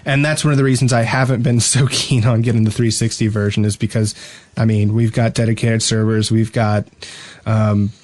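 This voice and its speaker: A man's voice: lowish voice, flat delivery, normal speed, a little mellow, no room sound. Wry man bantering on a podcast. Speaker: podcast co-host. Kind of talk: casual gaming podcast chat.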